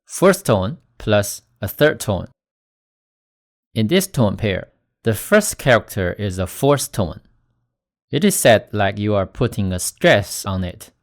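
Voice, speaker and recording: A man teaching Chinese pronunciation in a scripted lesson, slowly demonstrating tones with stressed example words. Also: fairly low pitch, sing-song. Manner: slow, deliberate, demonstrating tones with stressed syllables.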